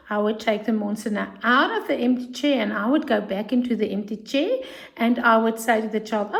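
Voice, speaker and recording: A middle-aged woman with a South African accent, a play therapist calmly explaining a technique step by step and acting out what child and therapist might say. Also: a little high, moderate pace. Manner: calm, step-by-step, acts out child and therapist lines. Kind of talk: instructional explanation.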